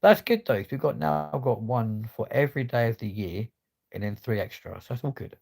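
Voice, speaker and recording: A man's voice: medium pitch, lively intonation, a little fast, creaky, darkish tone. A man chatting casually on a livestream, swearing freely in laddish banter. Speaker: livestream host.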